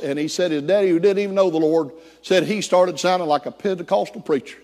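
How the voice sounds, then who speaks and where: A slightly high-voiced male pastor preaches to his congregation, telling stories with animated, acted-out voices. His voice rings with the long reverb of a large church hall. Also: a little fast. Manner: animated, acts out quoted voices. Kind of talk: sermon storytelling.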